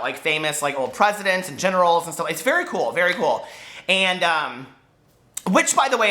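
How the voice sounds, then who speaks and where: Bright, animated man rambling about books. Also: a little high. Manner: animated, chatty, laughs often, dramatic emphasis. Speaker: book vlogger host. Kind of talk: casual rambling vlog chat. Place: at home, walking between rooms.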